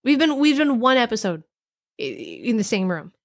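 A Canadian woman co-hosting a podcast, chatty and quick to laugh, often trailing off and restarting. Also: on the high side, big pitch swings, no room sound, studio quality. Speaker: podcast co-host. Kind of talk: casual chat. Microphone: remote call microphone.

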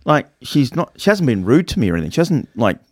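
A man's voice: mid-range voice, very animated, quick pace, darkish tone, no echo. A man, telling a travel story in casual chat as podcast co-host, rambling and acting out the voices of people he quotes.

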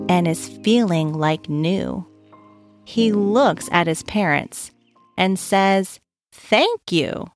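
A woman reading a children's story aloud in a gentle way, pausing to ask the listening child questions. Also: medium pitch.

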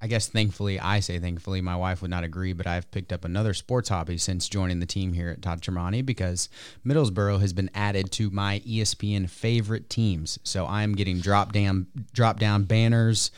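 A man's voice: low voice, steady tone, moderate pace, clear, resonant tone, no room sound, studio quality. A man co-hosting a casual show, wry and a little hesitant, correcting himself. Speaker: co-host. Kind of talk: casual chat.

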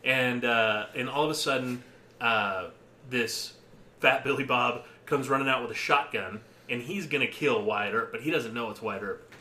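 A man in casual podcast chat, an animated storyteller who laughs often and acts out movie lines. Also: medium pitch, normal speed, reverberant, slight background noise.

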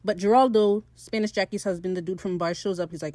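A woman in her late teens hosts a TV show recap, gushing through an episode in casual chat. She talks fast in a mid-range voice, is excitable, swears freely, and laughs often. There's no echo.

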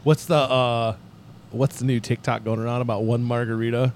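A man's voice: medium pitch, normal speed, a little hiss or hum. A man co-hosting a casual chat, joking and laughing often. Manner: laughs a lot, jokey, animated. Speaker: podcast co-host.

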